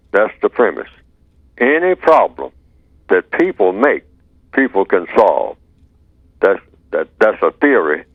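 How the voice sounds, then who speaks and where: Older male talk radio host; slow, rhetorical, steady; low voice, tinny phone sound. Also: no room sound. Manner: slow, deliberate, rhetorical questioning. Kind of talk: answering listener email on talk radio.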